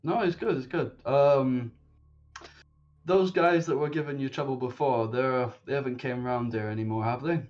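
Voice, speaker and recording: A man voicing a weary older man in a worn coat, streetwise and protective, talking in a halting, casual way. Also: mid-range voice, darkish tone, voice pushed up, close to an everyday voice. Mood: reassuring. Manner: hesitant, halting, casual slang. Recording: dull lo-fi sound.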